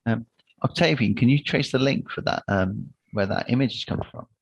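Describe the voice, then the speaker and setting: A man's voice: mid-range voice, normal speed, gravelly, breathy edge, muffled recording. A man playing a tabletop game, asking practical questions. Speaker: player.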